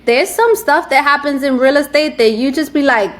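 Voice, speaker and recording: A woman from New York with a New York accent and a fairly high voice, chatting as an interview guest. She tells stories in a lively, animated way and slips into playful voices when she quotes people. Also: moderate pace. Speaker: guest, real estate agent. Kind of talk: casual interview chat.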